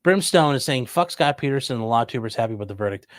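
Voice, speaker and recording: With lively intonation and a fast delivery, a medium-pitched man from Ohio, USA, goes through viewer comments on his livestream, replying with dry jokes in a casual chat. No room sound is audible.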